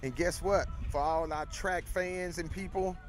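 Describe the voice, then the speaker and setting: A man's voice: high-pitched, fairly even intonation, unhurried. A man with a Texas accent co-hosting a casual outdoor livestream, hyped and repeating his phrases. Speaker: livestream co-host. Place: outdoor tailgate area beside a stadium.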